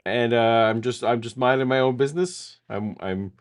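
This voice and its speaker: A man's voice: mid-range voice, moderate pace. A middle-aged man co-hosting a casual chat, telling a long self-deprecating story full of restarts. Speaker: podcast co-host.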